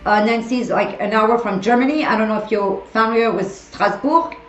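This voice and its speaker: A woman's voice: fairly high pitch, fairly quick, echoey room, muffled recording. A woman in her forties with a French accent, chatting playfully with her viewers on a stream. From France. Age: 40s. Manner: playful, teasing viewers by name. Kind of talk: casual chat with live chat.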